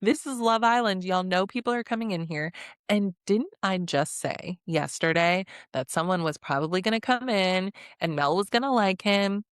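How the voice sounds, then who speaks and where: A woman's voice: mid-range voice, moderate pace, clear, resonant tone, no room sound, clean studio sound. A woman giving a chatty, sassy recap of a reality show, laughing often and acting out what people said. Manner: sassy commentary. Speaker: recap host.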